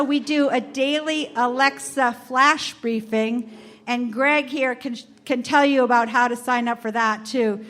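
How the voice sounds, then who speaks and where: A woman's voice: on the high side, fairly bright tone. A woman hosting a live podcast event, speaking to an audience in a room with a microphone, bubbly and often laughing. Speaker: podcast host. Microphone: handheld microphone.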